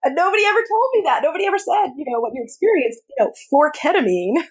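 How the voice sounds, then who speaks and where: A woman's voice: sits high, fast. Candid woman storyteller, laughing easily. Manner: candid, lively storyteller who laughs often. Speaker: hospice chaplain guest. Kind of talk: conversational storytelling.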